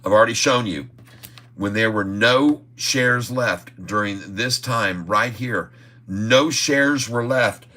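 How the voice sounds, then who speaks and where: This middle-aged host of a casual day-trading livestream has a lowish voice with a sharp tone and talks slowly. He's folksy and emphatic, chuckling frequently and calling listeners "folks" over and over as he comments on the market.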